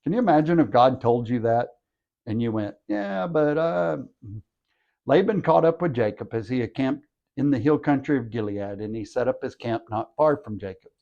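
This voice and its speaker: A man's voice: mid-range voice, expressive, brisk, dark tone, highs cut off. A man who hosts a podcast, reading a scripture passage aloud and breaking in with wry jokes. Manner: wry, joking asides. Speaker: scripture reader and podcast host. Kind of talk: bible reading with asides.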